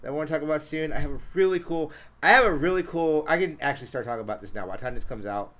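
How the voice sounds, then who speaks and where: A man's voice: on the high side, racing, a bit bright. A man hosting a podcast in casual chat, rambling with fillers and restarts. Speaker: podcast host.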